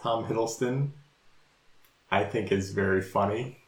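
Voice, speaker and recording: A man's voice: fairly low pitch, measured pace, roomy sound. A man co-hosting a podcast in casual chat, chatty and laughing often. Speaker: podcast co-host.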